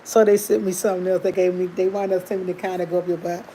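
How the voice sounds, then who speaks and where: A woman's voice: on the low side, little pitch movement, racing, dark tone, a little hiss or hum, low-quality recording. A woman hosting a livestream, chatting candidly to her viewers and laughing often as she tells a personal story. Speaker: livestream host.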